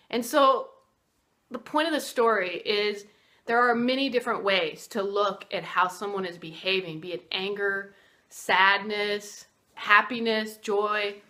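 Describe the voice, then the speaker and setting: A woman's voice: medium pitch, pushed and bright. A middle-aged woman, a martial arts teacher, telling a motivational story in a casual, conversational way, with fillers and restarts.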